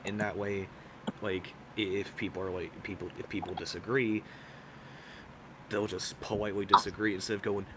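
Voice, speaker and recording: Young male candidate, low-pitched, rambling and filler-heavy; noisy background with traffic. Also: level tone, normal speed. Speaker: debate candidate. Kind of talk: debate answer.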